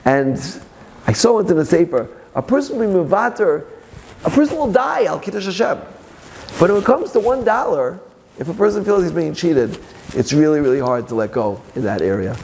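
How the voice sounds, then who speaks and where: A man's voice: a little high, gravelly, slight background noise. A man speaking as a rabbi, giving a Torah class with personal stories and joking asides. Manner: animated storyteller with joking asides.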